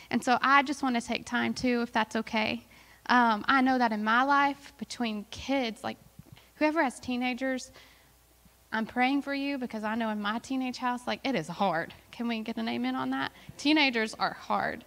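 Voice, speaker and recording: Female missionary guest, earnest and chatty, slightly high voice, long church reverb. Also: normal speed, pushed and bright. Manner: earnest, emotional, chatty with fillers. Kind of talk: testimony in church.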